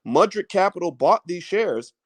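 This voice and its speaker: A man talking through a casual finance livestream in a fairly high voice that swings widely up and down. His delivery is animated and preachy, full of folksy everyday comparisons and lines repeated for emphasis. The sound is dry and close. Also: moderate pace, no echo. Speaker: finance commentator.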